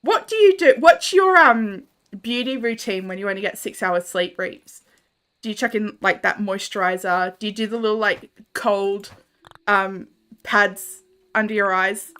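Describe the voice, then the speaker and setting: On a livestream, a young Australian woman games while chatting casually with viewers, laughing often and reading out their messages. Her mid-range voice is measured and fairly bright, recorded cleanly.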